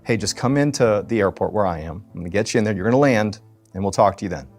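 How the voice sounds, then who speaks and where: A man voicing a cautious, calm male air traffic controller. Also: fairly low pitch, quick pace, faint music behind.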